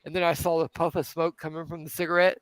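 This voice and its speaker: A man in casual chat, telling stories with animated, acted-out quotes. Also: fast talker, clean tone, dry recording, low-quality recording. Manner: animated storyteller, jumps high acting out quotes.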